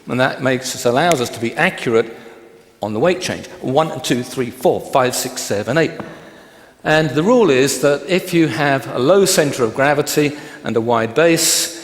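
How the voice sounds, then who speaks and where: A man teaching a dance class, counting beats aloud and explaining steps plainly. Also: mid-range voice. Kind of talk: dance lecture. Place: large hall. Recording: echoey hall, long reverb, music behind.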